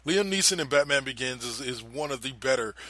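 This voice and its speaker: A young man co-hosting a podcast, retelling a TV scene in casual, animated chat and swearing freely. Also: mid-range voice, fairly quick, no echo. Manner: animated storyteller, swears freely, drops into quoted voices. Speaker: podcast co-host.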